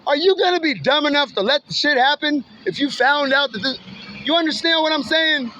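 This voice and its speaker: A man with a very high, bright, lively voice talks outdoors beside a road at night, taunting people in passing cars. He mocks, swears and laughs as he goes. The phone recording is dull and lo-fi, with faint street noise and passing vehicles behind him. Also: a little fast. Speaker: vlogger filming passing cars. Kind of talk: casual taunting street monologue. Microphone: handheld camera or phone.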